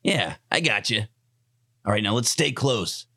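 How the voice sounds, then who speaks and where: A man's voice: on the low side, expressive, measured pace, pushed and bright. Jittery swearing man playing a tabletop game. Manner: jittery, swearing, nervous bravado. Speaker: player. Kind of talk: in-character tabletop play.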